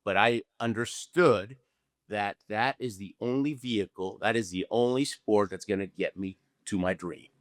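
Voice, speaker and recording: A man's voice: lowish voice, normal speed, no room sound. An older man from Argentina tells his story in an interview with lots of energy. He acts out both sides of conversations and keeps asking "okay?" and "right?". The recording is close and dry, with no room sound. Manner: animated storyteller, acts out dialogue, frequent "okay?" tag questions. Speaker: guest, Olympic luge athlete.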